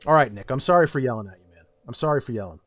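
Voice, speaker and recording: A man's voice: medium pitch, lively intonation, very fast, fairly bright tone, no echo. A young man streaming and talking with his chat in a blunt, profane, ranting way. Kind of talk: casual livestream chat.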